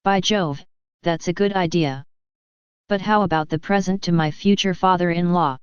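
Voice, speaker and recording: A woman's voice: lowish voice, normal speed, smooth, no echo, lightly acted. A woman reading a hearty widowed farmer. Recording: slightly dull, dry recording.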